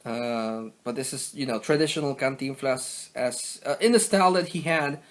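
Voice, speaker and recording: A man's voice: medium pitch, normal speed. A young man casually showing off his collection in a vlog, rambling with many fillers and self-corrections. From Mexico. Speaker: collector vlogger. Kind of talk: casual show-and-tell vlog.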